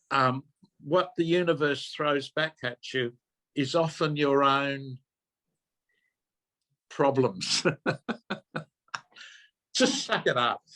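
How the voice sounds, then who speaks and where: Slow-talking older man. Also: on the high side, a bit bright. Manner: earnest, repeats himself, self-interrupting. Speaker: minister giving a talk. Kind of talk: personal storytelling talk.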